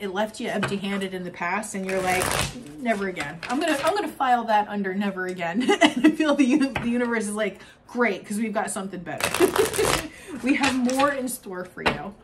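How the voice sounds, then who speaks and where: A young adult woman giving an oracle card reading to camera, gushing and excitable, laughing often and trailing off mid-sentence. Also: mid-range voice, heavy background noise. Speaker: tarot card reader.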